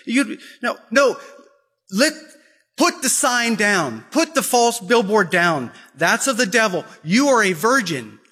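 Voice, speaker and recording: A man's voice: high voice, very animated, slow, pushed and bright, breathy edge, in a large hall, voice pushed up, heavily acted. A man quoting a nun who firmly reassures a wounded girl, tender and insistent. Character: gentle, firm woman, a nun counseling a girl.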